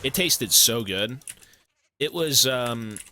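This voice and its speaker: A man's voice: medium pitch, lively intonation, slow, bright, forceful tone, slight background noise. A man from Canada streaming a game, chatting casually in a rambling, profane, joking way. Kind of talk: casual chat while gaming.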